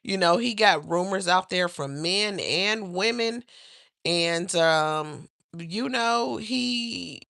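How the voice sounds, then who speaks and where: Woman livestream host, lower voice, gossipy and laughing, dry close sound. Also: slow pace, vocal fry, no echo. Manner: chatty, animated, laughs often, talks to the chat. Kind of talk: casual celebrity gossip livestream.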